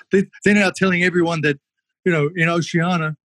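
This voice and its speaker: A man, a former kickboxer, telling fight stories casually on a podcast, animated and swearing freely. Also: fairly high pitch, normal speed, no room sound. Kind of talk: casual storytelling.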